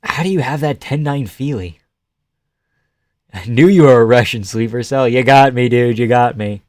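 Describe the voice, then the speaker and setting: Young male streamer from Canada, rowdy live fight reactions, mid-pitched voice, dry close sound. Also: moderate pace, dry recording. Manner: excitable, swearing, laughing, chatting with viewers. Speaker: livestream host.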